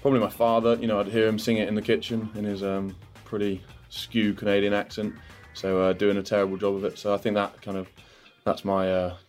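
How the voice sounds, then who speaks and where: A low-voiced man giving casual interview answers, low-key and hesitant, with plenty of fillers. His voice stays flat but moves quickly, and faint music plays underneath. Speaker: interview guest, rugby player. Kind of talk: casual chat.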